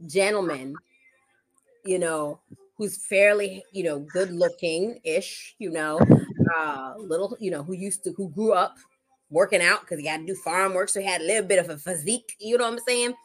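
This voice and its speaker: A woman's voice: lowish voice, normal speed. A woman co-hosting a podcast, chatting casually, laughing a lot and acting out quotes. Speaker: podcast co-host. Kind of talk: casual chat.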